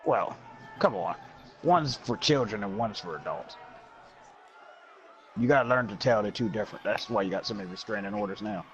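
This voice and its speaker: Low-voiced man on a dull mic. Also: animated, moderate pace, long pauses. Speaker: wrestling co-commentator. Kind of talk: jokey role-play commentary.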